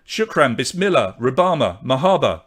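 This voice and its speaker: A man hosting a live online pub quiz, from Britain, briskly reading out questions, answers and scores and chatting with viewers. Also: medium pitch, very animated, fairly bright tone, husky.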